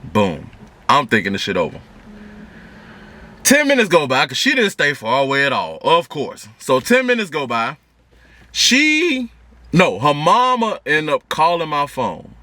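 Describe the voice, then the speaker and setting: Animated man telling a story. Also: a little high, unhurried, no room sound. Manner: animated, slangy storytelling with voiced quotes. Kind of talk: casual storytime. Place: car. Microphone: camera in the car.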